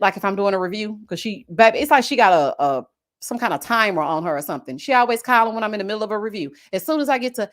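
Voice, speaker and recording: A woman, a reality-show reviewer chatting casually with her live viewers, expressive and full of slang, calling them girl and honey. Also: mid-range voice, quick pace.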